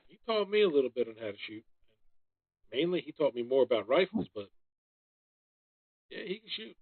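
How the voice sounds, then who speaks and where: Man, casual chat, animated, swears freely, lively pitch, dry phone-like sound. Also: normal speed, husky, no room sound. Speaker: guest.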